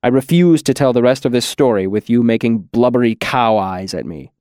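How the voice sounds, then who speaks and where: A man's voice: medium pitch, animated, fairly quick, darkish tone, no room sound, close to an everyday voice. Man doing a tired stern innkeeper, dry and commanding, close dead-sounding read. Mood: brisk. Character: stern, world-weary male innkeeper and storyteller.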